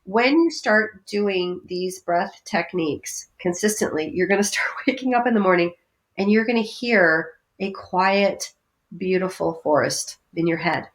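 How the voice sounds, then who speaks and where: A woman talking as a podcast guest about breathing exercises, animated, dropping into playful voices for her inner thoughts. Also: a little slow. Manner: lively, acts out inner voices with big pitch jumps. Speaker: guest energy healer. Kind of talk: podcast interview, coaching talk.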